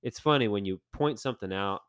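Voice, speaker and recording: A man co-hosting a podcast, telling animated, rambling stories in casual chat with lots of fillers. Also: lowish voice, quick pace, clean tone, no echo, clean studio sound. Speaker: podcast co-host.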